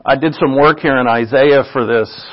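A man's voice: mid-range voice, moderate pace. A man giving an informal, chatty sermon, often checking in with the listeners by asking "right?". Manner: chatty, asks "right?" often, laughs at own asides. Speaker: preacher. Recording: dull lo-fi recording.

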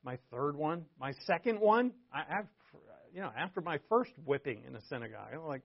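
A man's voice: fairly high pitch, lively intonation, brisk, gravelly. A man preaching a verse-by-verse sermon. He reads scripture aloud and then explains it in a conversational way, with asides. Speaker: pastor. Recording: dull lo-fi sermon recording.

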